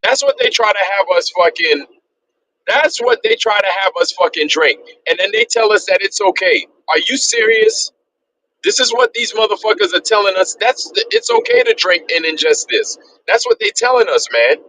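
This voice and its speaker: Streamer, male, high bright voice, profane repetitive rant, faint background hiss. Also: very animated, moderate pace, poor audio. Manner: heated, profane, repetitive ranting. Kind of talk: ranting livestream monologue.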